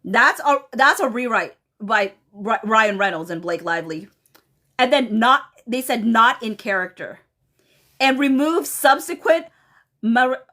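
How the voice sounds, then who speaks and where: Slightly high-voiced woman reading and reacting. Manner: reads aloud then breaks into animated, laughing asides to chat. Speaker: livestream commentator. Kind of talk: casual commentary livestream, reading documents aloud.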